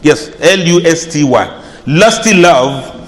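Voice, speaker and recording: A man giving an informal religious lecture, chatty and often laughing, playing out reactions with soft drawn-out sighs. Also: a little high, expressive, in a large hall. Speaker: Islamic lecturer. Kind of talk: informal sermon.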